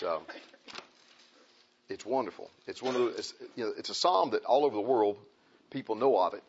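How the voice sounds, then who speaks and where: A man's voice: lowish voice, gravelly, a little hiss or hum. A man preaching a sermon in church, folksy and conversational, rising to emphatic passages. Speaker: pastor. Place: church sanctuary. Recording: muffled lo-fi recording.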